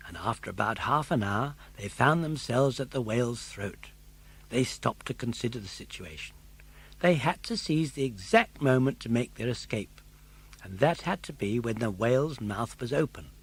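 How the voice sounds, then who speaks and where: Lively older man reading a storybook. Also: mid-range voice, husky. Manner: expressive, animated storytelling. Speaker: audiobook narrator. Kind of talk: storybook narration.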